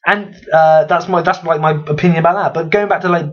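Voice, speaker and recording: A man's voice: a little high, fairly even intonation, a little fast. A young man ranting in a vlog, exasperated and sweary, rambling with frequent restarts. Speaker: vlogger. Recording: slightly dull lo-fi recording.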